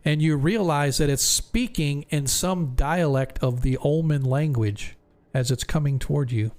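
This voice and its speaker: A man runs a tabletop game as its game master, describing the scene for his players. His voice sits a little high, and he talks in a loose, descriptive way, full of likes and restarts. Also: unhurried, a little mellow.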